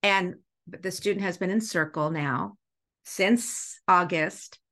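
A middle-aged woman, a school's executive director, telling a story in a podcast interview with animated feeling and an easy laugh. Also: fairly low pitch, takes it slowly. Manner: animated, acts out dialogue while telling stories; emotional, laughs easily.

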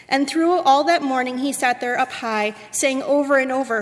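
A woman leading a worship service, reading a rhyming story aloud in a rhythmic, expressive way. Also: sits high, moderate pace. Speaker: worship leader. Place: church sanctuary. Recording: echoey sanctuary.

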